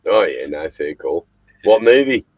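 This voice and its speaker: A man's voice: deep voice, big pitch swings, unhurried, a little mellow, husky, no echo, rough recording. An Australian man in his sixties hosting a casual chat, blunt, swearing freely and laughing often. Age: 60s. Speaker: podcast host.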